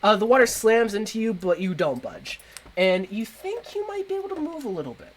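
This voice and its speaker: A man's voice: high-pitched, very animated, fairly quick, slight background noise. A man running a tabletop game as game master, narrating with frequent laughs and hesitant fillers.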